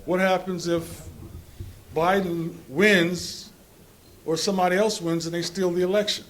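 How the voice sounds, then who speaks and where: A man speaks on a conference panel with a fairly high voice. He talks informally and rambles, often restarting his sentences and chuckling between them. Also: steady tone, measured pace, fairly bright tone, a little hiss or hum. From New Jersey. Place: conference hall.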